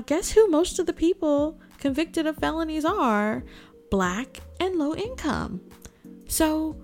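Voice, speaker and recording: A woman hosts political news commentary, sarcastically firing off rhetorical "guess what" questions at her viewers. Her voice is on the high side with a darkish tone.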